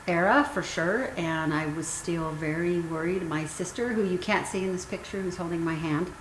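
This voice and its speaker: A woman in her fifties, a guest author telling her personal story candidly and emotionally. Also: lowish voice. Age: 50s. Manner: earnest, emotional, pauses with ums. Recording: roomy sound with faint noise.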